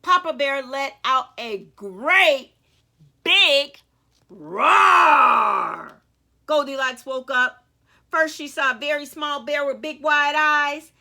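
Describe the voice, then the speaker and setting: Woman author, children's storytime reading, high-pitched, bright, slow. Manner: animated, speaks directly to children.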